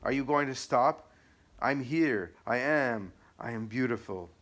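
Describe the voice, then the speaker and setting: A man voicing an abusive, taunting male devil in an audiobook, shrill and whining. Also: fairly even intonation, moderate pace, close to an everyday voice. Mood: raging. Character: raging taunting male devil possessing a woman. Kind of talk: audiobook reading.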